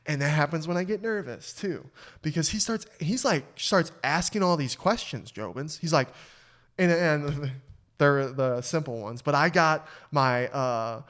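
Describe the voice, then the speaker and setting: A young man with a slightly high voice tells a story in animated podcast chat. He swears freely and stumbles over his words as he goes. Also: unhurried. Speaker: podcast host.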